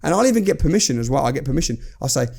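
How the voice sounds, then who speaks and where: A man's voice: mid-range voice, sing-song, rapid-fire, vocal fry, a little mellow. A man, a guest on a podcast, talking bluntly and animatedly about sales and acting out calls. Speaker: entrepreneur guest. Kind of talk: casual podcast conversation.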